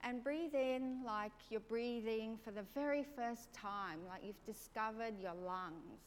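A woman preacher leading a congregation through a gentle guided prayer meditation, asking soft questions. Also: on the high side, a little slow. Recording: long reverb of a large hall, faint noise.

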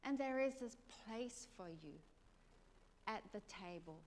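Slow, gentle woman leading guided prayer. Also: a little high, lively intonation. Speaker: preacher. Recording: long reverb of a large hall, faint noise.

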